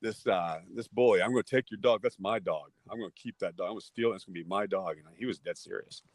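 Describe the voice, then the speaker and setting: A man in his forties from Texas, a podcast guest telling lively, casual anecdotes and acting out the voices in them. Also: sits low, quick pace, no echo. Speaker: podcast guest, former ballplayer. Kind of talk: casual storytelling.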